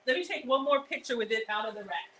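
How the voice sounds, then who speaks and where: A woman hosting a live cooking stream, chatty and excitable, talking straight to her viewers. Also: on the high side, quick pace, rough recording. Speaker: cooking show host.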